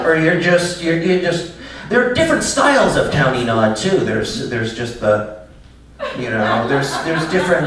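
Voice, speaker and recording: A stand-up comedian with a slightly bright, higher-pitched male voice rambles through a live set in a small cafe, often cutting himself off mid-sentence. He's picked up by a distant mic in an echoey room, with the audience laughing around him.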